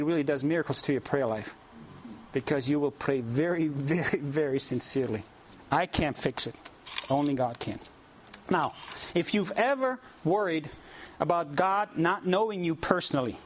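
A man preaching and telling a lively story to a congregation, animated and often chuckling as he addresses the audience directly. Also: on the high side. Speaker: preacher leading mission trips. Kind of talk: storytelling sermon.

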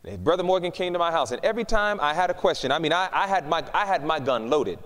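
Preacher man, fairly high voice, animated storyteller, big hall reverb. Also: fast talker. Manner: lively storyteller, acts out dialogue. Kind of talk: testimony sermon.

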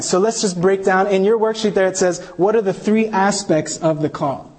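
A man's voice: high-pitched, steady tone, normal speed, few pauses, darkish tone. A man preaching a sermon, telling a personal story and acting out the voices of people he quotes. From New York, United States. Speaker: pastor.

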